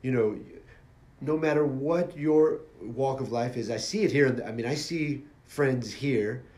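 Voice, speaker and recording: Relaxed male podcast host. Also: mid-range voice, a little slow. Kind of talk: casual interview chat.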